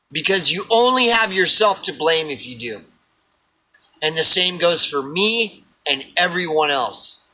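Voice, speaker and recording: Okie man, higher register, very tense bright tone; blunt, preachy vlog rant full of swearing and repetition. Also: rough recording. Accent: Oklahoma. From Oklahoma. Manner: repeats himself for emphasis. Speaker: vlogger. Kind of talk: ranting monologue to camera.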